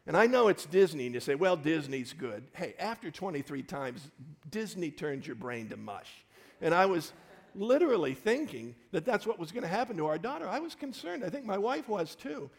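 A male pastor preaches a sermon, his voice rough and gravelly. He tells personal stories in short, punchy phrases. His voice echoes with a long reverb through a church hall. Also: high-pitched, big pitch swings, fairly quick, few pauses.

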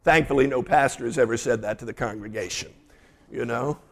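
A man, a pastor, delivering a sermon and retelling scripture in a lively storytelling way. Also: mid-range voice, a little fast, vocal fry.

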